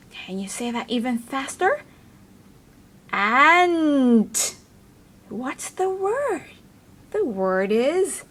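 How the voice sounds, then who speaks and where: Slow, lively-voiced woman teaching phonics. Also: high-pitched. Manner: sounds out letters one at a time, drawn-out and encouraging; talks to a puppet helper. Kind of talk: slow, sing-song phonics lesson for young children.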